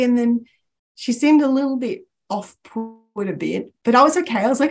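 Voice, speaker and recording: A woman guest sharing a personal faith story in casual chat, animated and laughing often, acting out the voices she quotes. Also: on the high side, brisk.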